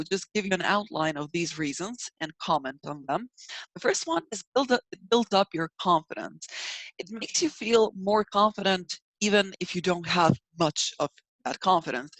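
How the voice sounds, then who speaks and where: A woman's voice: on the low side, a bit bright, dry recording, low-quality recording. A woman with a slight North American accent giving a pronunciation lecture in a webinar, chatty and full of fillers like "you know", sounding out example phrases. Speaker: language teacher.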